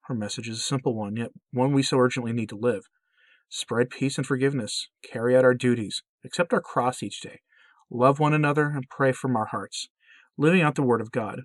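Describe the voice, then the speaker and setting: A man's voice: medium pitch, steady tone, brisk, no room sound. Male narrator, earnest devotional reading, mid-range voice, dry close recording. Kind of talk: narrating a religious account.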